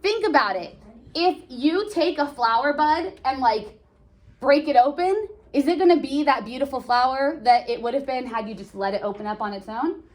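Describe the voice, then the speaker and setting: A young woman teaching a class, explaining lines in an animated, playful way. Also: sits high, moderate pace. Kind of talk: classroom lecture.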